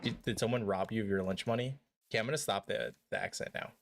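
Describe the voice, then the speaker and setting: A man's voice: fairly low pitch, fast, vocal fry. A young man chatting casually on a live game stream, joking, rambling and swearing freely.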